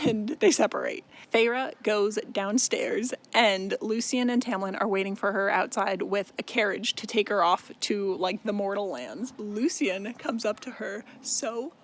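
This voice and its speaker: A man's voice: high voice, measured pace, hardly any pauses, fairly bright tone. A young man casually recapping a novel, rambling with lots of filler words and swearing, often laughing. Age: young adult. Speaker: book recap vlogger.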